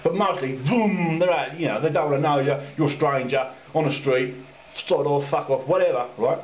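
A man's voice: a little high, normal speed, slight background noise. A man ranting angrily about drivers asking him for directions, swearing and mocking them in put-on voices. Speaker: cyclist ranting to camera. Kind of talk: angry rambling rant. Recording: roomy, dull lo-fi sound with faint ambience.

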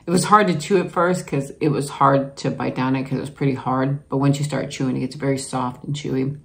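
A woman's voice: very deep voice, fairly even intonation, fairly quick, creaky. A woman vlogger taste-testing snacks, chatting casually to viewers, giggling and talking while she chews. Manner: chatty, giggly, savoring food aloud while chewing. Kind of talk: casual taste-test chat to camera.

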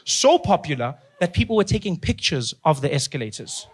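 An animated male stand-up comedian with a high-pitched voice tells a story, jumping into the voices of the people in it. His delivery is lively and expressive. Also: fairly quick, slightly rough. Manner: animated, acts out characters.

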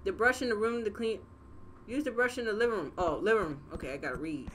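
A young woman playing a horror game and reacting out loud, profane and jokey as she goes. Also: mid-range voice, fast, a little hiss or hum. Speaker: gaming channel host.

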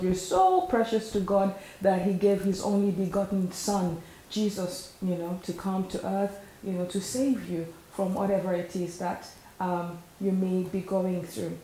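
A woman's voice: medium pitch, steady tone, a little slow, few pauses, warm tone. A woman hosting and preaching a sermon, earnest, asking the listener questions and leading them in prayer. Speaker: host and preacher. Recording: echoey room with faint hiss.

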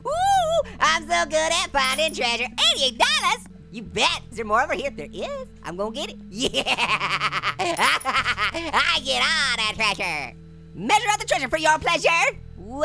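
A man voicing a hyper, wisecracking male talking orange, giggly and squeaky, making puns and teasing while playing a video game. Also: creaky, background noise, exaggerated voice. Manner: excitable, teasing, bursts into shouts. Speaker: gaming channel host character. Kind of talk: let's play commentary.

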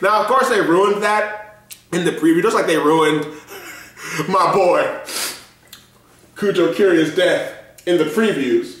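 Male reviewer, high and bright, loose and profane, quick to laugh, echoey room. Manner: excitable, profane, laughing often. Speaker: show reviewer. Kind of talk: casual reaction review.

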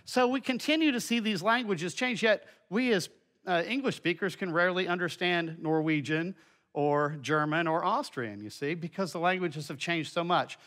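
A man's voice: high voice, moderate pace, a bit bright. A middle-aged man giving a folksy, conversational Bible lesson with slides, full of asides. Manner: folksy and conversational, with many asides and filler words. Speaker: teacher presenting a children's Bible lesson.

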